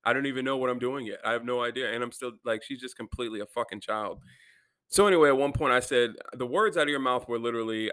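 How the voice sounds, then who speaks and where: A man's voice: mid-range voice, fast, fairly bright tone, clean tone, dry recording. A young man venting in a rambling, profane personal monologue about his life. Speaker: vlogger.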